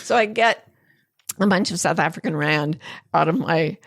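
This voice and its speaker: With a low voice and moderate pace, an older female podcast host spins an animated story in casual conversation, laughing often and voicing other people's dialogue.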